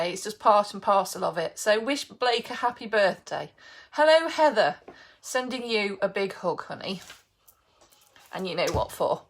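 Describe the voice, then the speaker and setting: A woman's voice: mid-range voice, a bit bright. A middle-aged woman from England chatting casually on a live baking stream, greeting viewers by name and laughing often.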